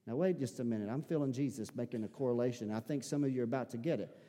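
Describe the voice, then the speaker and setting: A man preaches a sermon, telling the story with dramatic swings between loud, emphatic lines and quiet, low passages. His voice is mellow and darker in tone. It rings with the long reverb of a large sanctuary. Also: rapid-fire. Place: church sanctuary.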